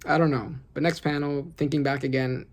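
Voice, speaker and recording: A host reading comic panels aloud and reacting excitedly in casual commentary, often asking "right?". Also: medium pitch, fairly quick. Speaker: manga reaction channel host.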